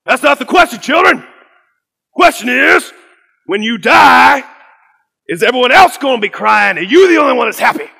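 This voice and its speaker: A man voicing a fiery preacher who shouts at a room of children in an emphatic, repetitive sermon style. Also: big pitch swings, moderate pace, vocal fry, long pauses, slightly rough, in a large hall, full character voice. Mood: thundering. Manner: booming, emphatic, repeats phrases.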